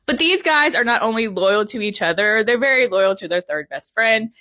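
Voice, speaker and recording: A woman's voice: a little high, expressive, normal speed, sharp tone, no room sound. A young woman vlogger giving playful, emphatic opinion commentary, with lots of exaggeration.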